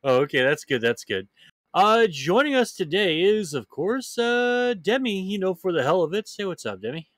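A man's voice: high-pitched, normal speed, no echo. A man hosting a podcast, joking his way loosely through casual introductions. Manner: loose, jokey, lively introductions. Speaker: podcast host. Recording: dry close mic with faint music behind.

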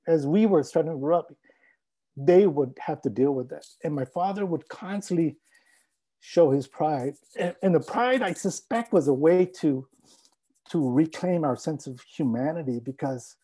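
A man's voice: a little high, animated, moderate pace, dark tone, husky, poor audio. A middle-aged man, a native Spanish speaker, telling a reflective personal story as a scholar giving a talk. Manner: reflective, heartfelt, mixing in Spanish phrases.

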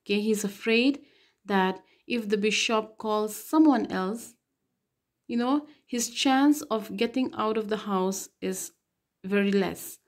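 A woman's voice: medium pitch, slow. A woman teacher explaining and reading a play aloud to her students, with frequent okay and so. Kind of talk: literature lesson reading a play.

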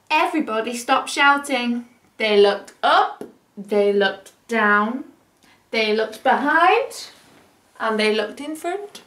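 Bright-voiced woman reading story time. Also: fairly high pitch, animated, slow. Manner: gentle, chatty asides to young listeners. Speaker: teacher reading a picture book. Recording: roomy echo.

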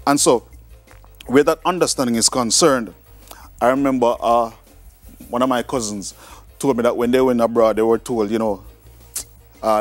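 A man's voice: mid-range voice, fairly even intonation, normal speed, pauses often, no room sound, soft background music. A man with a Jamaican accent who teaches a lesson and explains things conversationally, often checking in with his listeners. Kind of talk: recorded classroom lecture.

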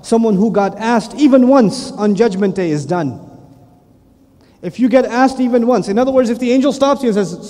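A middle-aged man preaching a lively sermon, often acting out the voices of the people in his stories. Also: very high-pitched, normal speed. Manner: animated, playful, acts out voices. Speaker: Islamic preacher and teacher. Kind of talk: lively sermon with acted quotes. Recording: long reverb of a large hall.

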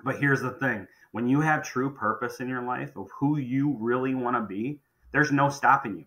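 Emphatic, preachy man with a bright voice. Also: medium pitch, moderate pace, rough recording. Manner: emphatic, preachy, repeats phrases with restarts. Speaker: contracting business owner. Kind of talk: podcast conversation.

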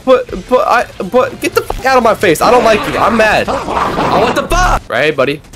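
Excitable high-voiced young man gaming. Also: moderate pace. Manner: loud, excitable, trash-talking, slangy. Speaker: gaming video creator. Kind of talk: excited gameplay commentary. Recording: game music underneath.

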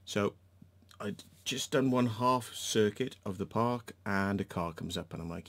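A man's voice: fairly low pitch, normal speed. A man telling a sweary, sarcastic story in a ranting vlog monologue, mimicking other people mockingly. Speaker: vlogger. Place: outdoors in a park.

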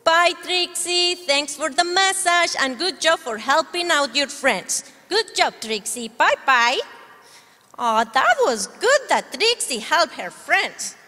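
A woman leading a kids' church lesson, talking gently and encouragingly to children. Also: high-pitched, lively intonation, slow, long reverb tail.

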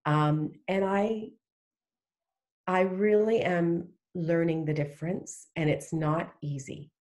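A woman's voice: lowish voice, steady tone, slow pace, darkish tone. A middle-aged woman speaking as a podcast guest, earnest and heartfelt in a casual faith conversation. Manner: earnest, heartfelt, emphatic with restarts.

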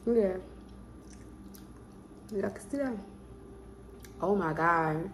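A woman's voice: lowish voice, slow, echoey room, a little hiss or hum, poor audio. A woman cooking in her home kitchen, chatting casually to viewers and humming as she goes. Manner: chatty, talks to viewers as "y'all", hums while cooking. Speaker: cooking vlogger. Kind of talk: casual cooking vlog talk.

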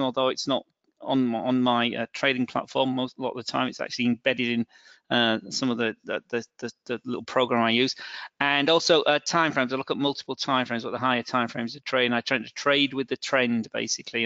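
A man's voice: medium pitch, flat delivery, fairly quick, pushed and bright, no room sound. A middle-aged man with a northern English accent presenting a live trading webinar, hesitant and full of fillers and restarts. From England. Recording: dull, dry, lo-fi webinar audio.

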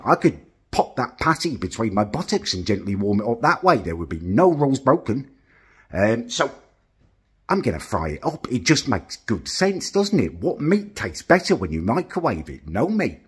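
Wry, grumbling man, very husky. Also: mid-range voice. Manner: wry, grumbling, exasperated storytelling. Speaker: vlogger. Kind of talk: casual vlog chat.

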